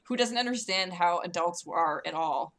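Bright-voiced person explaining what the movie's really about. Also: mid-range voice, moderate pace. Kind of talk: casual movie discussion.

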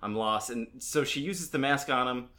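Bright-voiced man narrating a comic plot. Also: medium pitch, normal speed. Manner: narrates plot steadily, quoting characters. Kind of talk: casual comic-book recap chat.

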